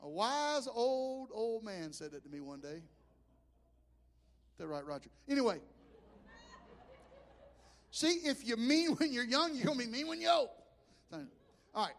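A man's voice: very high-pitched, expressive, measured pace, pauses often, a bit bright. A middle-aged man from Mobile, Alabama, with a Southern accent, preaching a sermon as a pastor, telling stories with stammering restarts and acting out voices. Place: church sanctuary. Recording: long reverb of a church hall.

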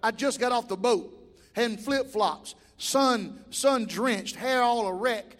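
A man preaching in a church, his voice unusually high. He talks in a folksy way and climbs into shouted builds. The sound carries a long hall reverb. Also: slow. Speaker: pastor. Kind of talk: sermon. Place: church sanctuary.

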